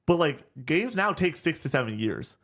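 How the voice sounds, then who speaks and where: A man co-hosting a casual gaming podcast, animated and excitable, swearing and stumbling over his words. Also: fairly high pitch, moderate pace. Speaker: podcast co-host.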